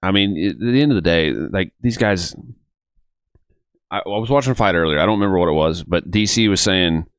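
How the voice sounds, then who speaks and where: A man's voice: deep voice, animated, fairly quick, clear, resonant tone, no echo. A man co-hosting a fight podcast who often stumbles and restarts as he reasons his way through his points. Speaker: podcast co-host. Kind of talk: casual chat.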